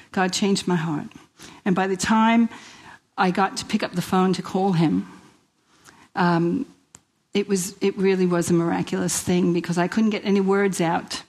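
A middle-aged woman from New York with a New York accent, giving a lively personal testimony at a women's church event and acting out the dialogue in her stories. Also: on the low side, poor audio. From Queens, New York. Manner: lively storyteller who acts out quoted dialogue and laughs often.

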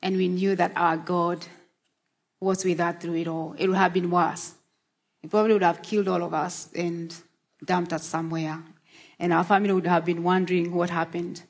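A woman preaching a sermon in a slow, earnest, encouraging way, often asking questions of her listeners. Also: fairly low pitch, level tone. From Australia.

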